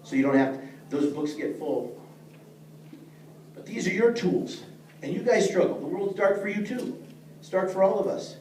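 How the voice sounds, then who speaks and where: A middle-aged man with a high, darkish voice teaches a leadership class at a normal pace, leaving long pauses. He's earnest and plain-spoken, addressing the people in front of him directly. The recording sounds like an echoey room, with the mic far off and faint noise.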